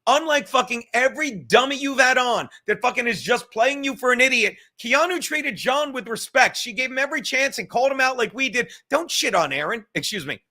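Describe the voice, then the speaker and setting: A man hosting a casual livestream podcast, talking in a rambling, animated way full of swearing. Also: extremely high pitch, brisk, hardly any pauses. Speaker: podcast host.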